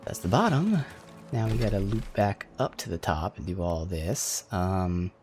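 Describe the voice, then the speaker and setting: A man with a Philadelphia accent chats his way through a game in a very low, easygoing voice, swearing offhand. Faint music sits under his talk. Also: unhurried, a little mellow. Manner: chatty, offhand, swears casually. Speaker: gameplay commentator. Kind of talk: casual let's-play commentary.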